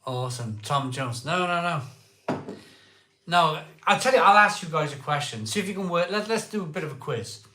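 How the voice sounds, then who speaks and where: An excitable man hosting a casual live stream, chatting with viewers, repeating himself and laughing often. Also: a little high, normal speed, echoey room. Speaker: live-stream beer show host. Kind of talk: casual live chat reading viewer comments.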